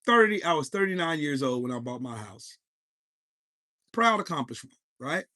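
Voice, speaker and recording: A man in his forties hosts a live podcast and tells a heated story full of profanity, breaking off to greet his chat. His voice sits a bit higher than most men's. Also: sing-song, moderate pace, sharp tone. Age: 40s. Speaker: podcast host.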